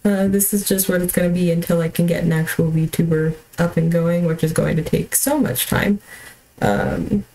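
A young woman streams a video game from home, chatting in a rambling way with lots of fillers and restarts and often apologizing with a laugh. Her voice is lowish and dark in tone, steady and moderately paced, and the audio is poor.

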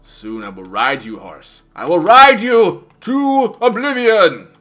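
Guy voicing a melodramatic offended horse, shouting threats, bright lively voice. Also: sits high, slow, faint music behind, voice pushed up, heavily acted. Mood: indignant. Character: indignant male horse, grandly offended.

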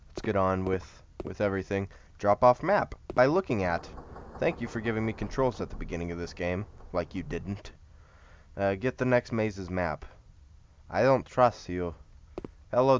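A man's voice: on the low side, muffled recording, slight background noise. A man giving casual, joking commentary while playing a horror game, rambling and chatting to the things on screen. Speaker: horror game let's-player.

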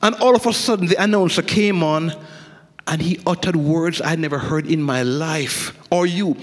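A middle-aged man preaching a sermon as a guest preacher, swinging from animated storytelling to hushed intensity. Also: a little high, moderate pace. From Jamaica. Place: church sanctuary. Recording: echoey church hall.

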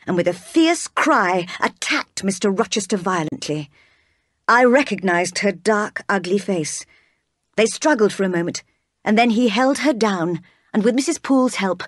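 A woman narrating a storybook read-aloud in a steady, clear way. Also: medium pitch, measured pace, no room sound, clean studio sound.

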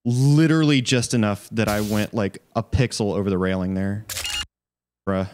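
A man's voice: lowish voice, steady tone, normal speed, noisy background. A man streaming live gameplay, talking to himself with frequent swearing and frustrated outbursts.

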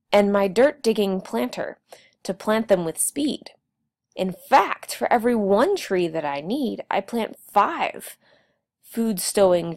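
A woman reading the lines of a calm, friendly male logger in a storybook, patient and soothing. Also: medium pitch, gravelly, full character voice.

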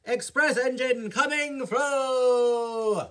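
A man's voice: sits high, takes it slowly, pitched above the performer's own voice. A man voicing a proud, boastful male steam engine in a homemade storybook reading. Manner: excited, boastful.

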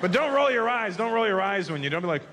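High-voiced comic guy, crude bits, noisy laughing crowd. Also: very animated, quick pace. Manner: crude, conspiratorial rants. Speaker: stand-up comedian. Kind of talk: stand-up set. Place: comedy club stage. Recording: loud audience laughter and noise.

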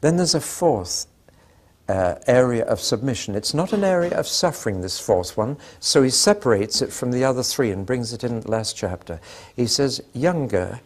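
Husky older preacher. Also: male voice, medium pitch, lively intonation, moderate pace. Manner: anecdotal, dry humour, acts out dialogue. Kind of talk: sermon.

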